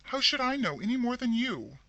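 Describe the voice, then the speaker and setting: A man's voice: very high-pitched, big pitch swings, fairly quick, bright, forceful tone, no echo, dull audio, pitched above the performer's own voice, full character voice. A man voicing a stern woman who answers in harsh, clipped words. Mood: rigid. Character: stern, curt woman holding herself rigid.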